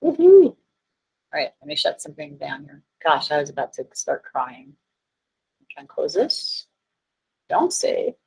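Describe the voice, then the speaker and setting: Woman, chemistry teacher, classroom lecture, low voice, husky, unhurried, chatty asides. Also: steady tone, rough recording. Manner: flustered and self-deprecating, chatty asides.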